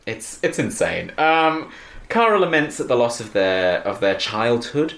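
A woman's voice: a bass voice, sing-song, unhurried, roomy sound. A woman hosting a podcast, casually recapping a film with many ums and frequent laughs. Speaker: podcast host.

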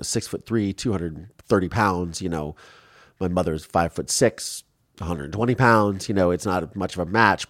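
A man in his forties from Ohio, telling his life story in an interview in an animated way, acting out quotes and restarting often. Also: deep voice, dry recording, studio quality. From Ohio, USA.

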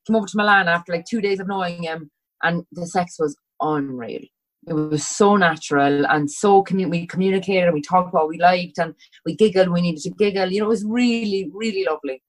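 Woman, Cork Irish accent, animated storyteller, swears freely, acts out dialogue, casual podcast chat. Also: on the low side, a little fast, rough recording. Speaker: podcast guest.

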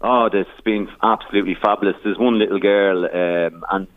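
A man's voice: low voice, fairly even intonation, fairly quick, dry recording. An Irish man, a charity founder, telling stories in a radio interview with many restarts and some emotion. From Ireland. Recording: tinny phone line.

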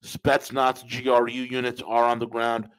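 A man's voice: mid-range voice, monotone, normal speed, a bit bright, clean tone, low-quality recording. A man hosting a podcast, giving opinionated commentary with emphatic repetition and calling listeners folks. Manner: emphatic, repeats phrases, addresses listeners as folks. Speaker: podcast host.

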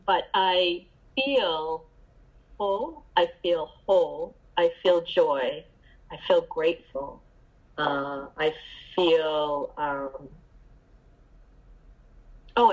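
A middle-aged woman giving a candid, halting personal share at a recovery meeting, with many fillers and restarts. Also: low-pitched, slightly rough, highs cut off.

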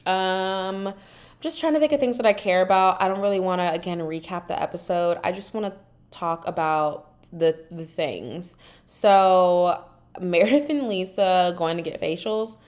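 A woman's voice: lowish voice, unhurried. A woman hosting a podcast on her own, chatting casually and sassily, acting out other people's lines in exaggerated voices. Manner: animated, sassy, acts out quotes in exaggerated voices. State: dry mouth. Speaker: podcast host. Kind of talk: casual solo recap chat.

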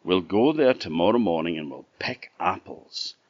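A man's voice: low-pitched, expressive, moderate pace, no echo. A man with an Orkney Scottish accent voicing a sly big bad wolf who coaxes and sweet-talks. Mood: coaxing. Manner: coaxing, sweet-talking. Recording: dull dry lo-fi recording.

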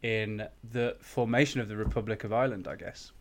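A man's voice: fairly low pitch, steady tone, brisk. A man from England hosting a podcast in casual chat, self-deprecating and hesitant, often restarting his sentences. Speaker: podcast host presenting the topic.

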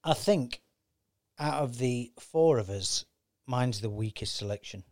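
A man's voice: medium pitch, lively intonation, unhurried, a little mellow. A man co-hosting a podcast in casual chat, jokey and boisterous, swearing and laughing often. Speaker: podcast co-host.

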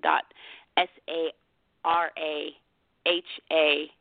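A woman's voice: low voice, level tone, gravelly, no echo. A woman guest on a phone-in radio talk show, explaining cuddle party facilitation in a chatty, friendly way with frequent laughs. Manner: warm, chatty, laughs often, repeats details slowly. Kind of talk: casual phone interview. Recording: tinny phone line, dry.

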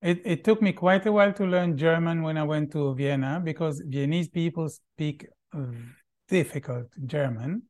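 A middle-aged man, a Hebrew speaker, speaking as a podcast guest in a thoughtful, halting way with many pauses. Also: on the high side, darkish tone. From Israel. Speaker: guest, Feldenkrais practitioner. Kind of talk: podcast interview.

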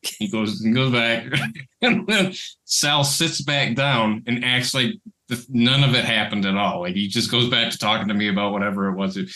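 A man's voice: lowish voice, moderate pace, bright, forceful tone. A man telling a rambling anecdote in casual podcast chat. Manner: rambling anecdote with restarts and laughter. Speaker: podcast co-host and creator.

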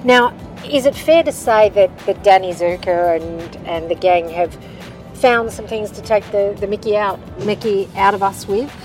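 A woman's voice: mid-range voice, normal speed, recorded from a distance, faint music behind, poor audio. An Australian woman interviewing guests in a friendly, joking way with frequent laughs. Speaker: entertainment interviewer. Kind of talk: casual interview chat.

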